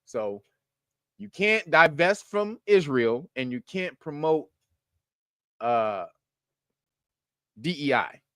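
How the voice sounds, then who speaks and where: A man's voice: fairly high pitch, big pitch swings, slow, pauses often, a bit bright, dry recording, studio quality. A man hosting a casual commentary show, talking bluntly and profanely, laughing often and rambling with restarts.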